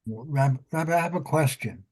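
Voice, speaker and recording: A man's voice: mid-range voice, moderate pace, a little mellow. A male student asking the rabbi a question in class and reasoning it through aloud.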